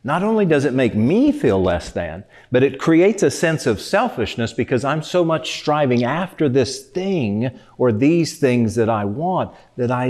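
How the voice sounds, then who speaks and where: A man's voice: mid-range voice, darkish tone. A man giving a reflective motivational talk in a conversational way, often putting rhetorical questions to his listeners. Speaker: speaker.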